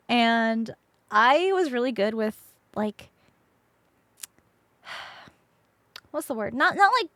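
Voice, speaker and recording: A woman's voice: high-pitched, no echo. A young woman streamer telling a story casually to her chat, laughing often and swearing freely.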